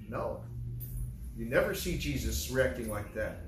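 A man's voice: medium pitch, expressive, measured pace, long pauses. A man preaching a sermon, asking rhetorical questions and repeating key lines. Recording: echoey room, distant mic, faint hiss.

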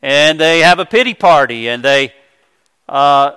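A man's voice: a little high, animated, measured pace, sharp tone, clear, resonant tone. A man preaching a sermon, earnest and explanatory, walking through a scripture passage with homely illustrations. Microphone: microphone.

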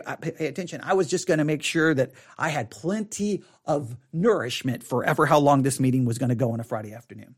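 Middle-aged texan guy leading bible study, kinda high voice, repeats himself a lot, chatty and earnest. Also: fairly bright tone. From Texas. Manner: conversational, repeats and restarts words, leans into key phrases. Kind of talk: informal Bible study teaching with personal stories.

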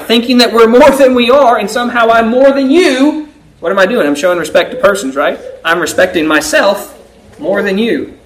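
A man's voice: sits high, fairly bright tone, slight background noise, poor audio. A man preaching a sermon to a congregation in a conversational style, often checking in with them by asking "right?". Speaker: pastor.

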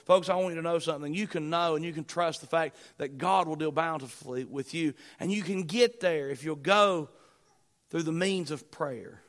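Man, pastor, sermon, fairly high voice, emphatic then hushed delivery. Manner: preaching with rising emphatic bursts and quiet asides.

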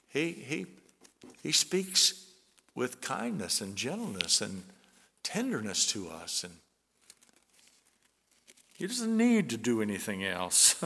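A man preaching a sermon as pastor, earnest and conversational, with soft chuckles between points. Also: fairly high pitch. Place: church sanctuary. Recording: long church reverb.

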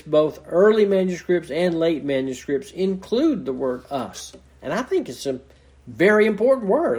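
A man's voice: a little high, a little mellow. A man preaching an expository sermon, earnestly explaining scripture verse by verse in a teacherly way. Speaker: pastor.

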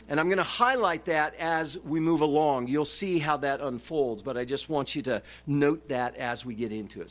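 A man preaching a sermon, emphatic and repeating his key phrases for stress. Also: fairly high pitch. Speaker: pastor.

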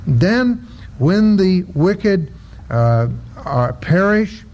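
A man preaching a Bible-study sermon, halting with many filler sounds and reading scripture aloud between explanations. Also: high voice, big pitch swings, darkish tone. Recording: dull lo-fi recording with faint noise.

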